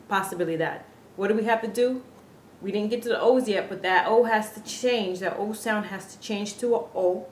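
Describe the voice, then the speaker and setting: Slow, patient woman teaching pronunciation. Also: medium pitch. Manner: patient, repeats words slowly for practice. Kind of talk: pronunciation lesson. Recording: echoey room with faint ambient noise.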